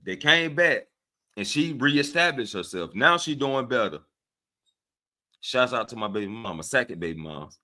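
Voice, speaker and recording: Talking casually to his livestream chat, a man with a Southern US accent gets animated and preachy, regularly tossing "right?" to his listeners. He speaks at a moderate pace in a medium-pitched voice.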